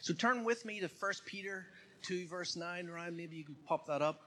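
A pastor preaching a sermon in a fairly high voice. He keeps a chatty, conversational tone and often asks the congregation questions, over a faint hiss in the background. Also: normal speed, pushed and bright. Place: church.

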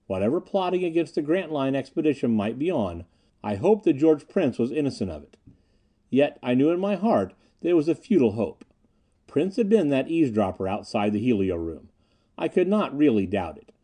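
Dark-voiced, expressive male storyteller. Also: mid-range voice, a little fast. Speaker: audiobook narrator. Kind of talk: scripted audiobook narration.

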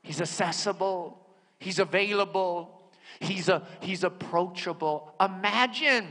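A pastor preaching a sermon, rising into shouted bursts and dropping low and quiet for personal stories. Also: male voice, unhurried. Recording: hall reverb.

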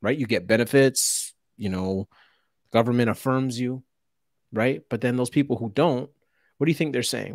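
A male podcast co-host with a mid-pitched voice speaks on a dry, close mic with no room around him. He talks in an animated, emphatic way. He throws out rhetorical questions and repeats words when he gets worked up. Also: normal speed, dry recording. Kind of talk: podcast conversation.

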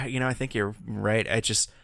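A man's voice: fairly low pitch, steady tone, a little slow, vocal fry, pushed and bright, dry recording. Rambling podcast man, dry close sound. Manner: rambling, many fillers and restarts. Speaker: podcast co-host. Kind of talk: casual chat.

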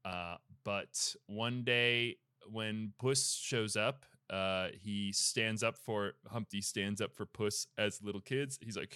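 A man hosting a podcast, casually retelling a film plot in a rambling way, with lots of fillers and quick asides. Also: lowish voice, steady tone, pushed and bright, clear, resonant tone, dry recording, clean studio sound. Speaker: podcast host. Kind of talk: casual movie recap chat.

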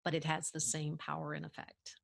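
A middle-aged woman, a podcast guest, giving measured advice in a casual interview and laughing easily. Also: low-pitched, monotone, gravelly, fairly bright tone.

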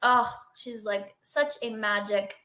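A middle-aged woman, a guest in an interview, telling her healing story in a chatty, expressive way with lots of fillers and laughter. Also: medium pitch, slow pace. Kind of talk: casual interview conversation.

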